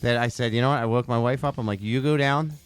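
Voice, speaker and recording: Angry, swearing podcast host. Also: male voice, mid-range voice, fast, clear, resonant tone, faint music behind. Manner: heated, profane storytelling with many restarts. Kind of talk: casual chat.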